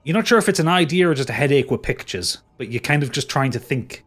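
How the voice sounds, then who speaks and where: A man narrating a tabletop game as game master, casual and halting, with frequent restarts. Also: medium pitch, animated, fairly bright tone.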